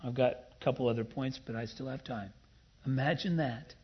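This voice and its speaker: A man preaching a sermon in an emphatic way, with playful asides and loud bursts of emphasis. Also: mid-range voice, moderate pace, lo-fi sound, slight background noise. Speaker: pastor.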